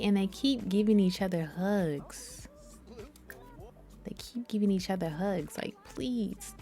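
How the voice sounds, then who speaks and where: A young woman giving casual, chatty let's-play commentary and talking straight to her viewers. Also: medium pitch. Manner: chatty, animated, addresses viewers as y'all. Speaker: gaming YouTuber.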